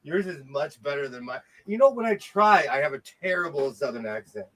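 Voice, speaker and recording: A man's voice: on the high side, big pitch swings, a little fast, a loud crowd. A man hosting a casual sewing livestream, playful and exclamatory, laughing often as he tries on and shows off clothes.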